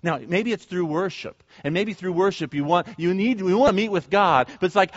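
A man's voice: high-pitched, a little fast, hardly any pauses, in a large hall, dull audio. A male pastor preaching a sermon. He talks in a conversational way and builds to fervent pleading.

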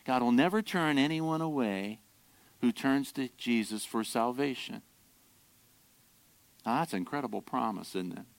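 A man preaching a sermon as pastor, explaining scripture verse by verse in an emphatic, animated way. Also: mid-range voice, moderate pace, vocal fry, long pauses, no echo.

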